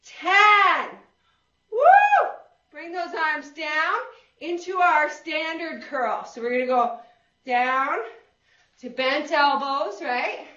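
A woman's voice: sits high, slow, pushed and bright. A woman fitness instructor leading a workout class, counting reps, giving cues and whooping to encourage. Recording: roomy, distant and dull.

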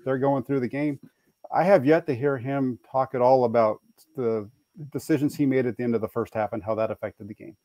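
A man's voice: mid-range voice, fairly even intonation, a little fast, warm tone, dry recording. Hesitant man on a dry sports panel. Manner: hesitant, thoughtful, many fillers. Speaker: podcast panelist. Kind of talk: sports talk.

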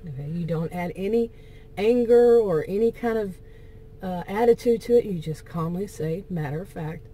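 A woman's voice: medium pitch, moderate pace, husky. A woman telling a story in a rambling, conversational way, speaking straight to the listener while she drives. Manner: talks straight to the listener, meandering with fillers and asides. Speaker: channel host telling a story. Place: car, while driving. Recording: steady car road noise.

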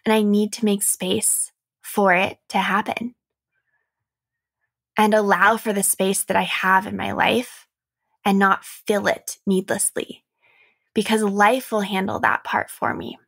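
A young adult woman hosting a reflective solo podcast as a coach, speaking softly and earnestly with light laughs. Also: medium pitch, vocal fry.

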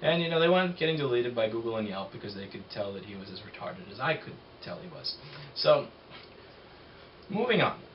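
A man's voice: mid-range voice, very animated, brisk, muffled recording, background noise. A man who owns a repair shop tells a story in a casual, blunt and profane rant, full of sarcasm.

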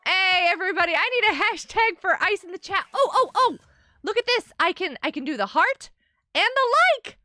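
A woman live-streaming a game, chatting excitably with viewers, greeting them by name and often laughing and gasping. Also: very high-pitched, normal speed, no room sound, clean studio sound, faint music behind. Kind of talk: live-stream gameplay chat.

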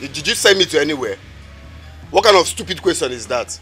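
A Nigerian actor playing a hungry young man who complains loudly and argues, with music clearly under the film audio. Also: on the high side, animated. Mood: angry. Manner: loud, complaining, quick to argue. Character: hungry, quarrelsome young man, easily annoyed. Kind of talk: Nollywood film acting.

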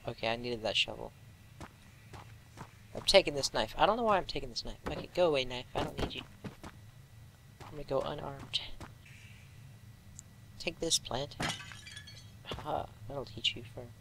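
A man's voice: medium pitch, moderate pace, creaky, pauses often, noisy background. A young man casually commentating a horror game, joking and muttering asides to himself. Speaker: gameplay commentator.

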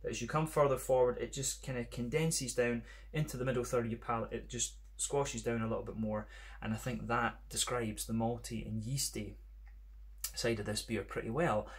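A man's voice: mid-range voice, fairly even intonation, moderate pace. A man with a Scottish accent reviewing beer in a casual, rambling monologue, full of "kind of" and "sort of" fillers.

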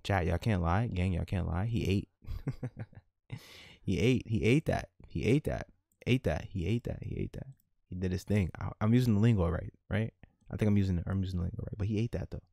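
A man narrates a life-sim let's play, animated and full of slang, talking straight to his chat. His voice sits low, and the recording is dry with no room sound. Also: a little fast, creaky, dry recording. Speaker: gaming YouTuber.

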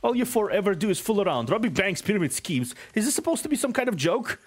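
A man's voice: high-pitched, big pitch swings, fast, husky, faint music behind, pitched above the performer's own voice, heavily acted. A man voicing a stern, exasperated schoolgirl who scolds her friends. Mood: scolding.

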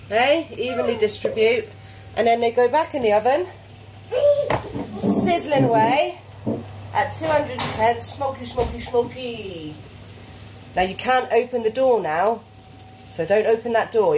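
A woman in her thirties, speaking at medium pitch, casually explains a recipe in her home kitchen while coaxing her little boy in a chatty, instructive manner. She films it on a phone held in her hand, and the kitchen recording is noisy.

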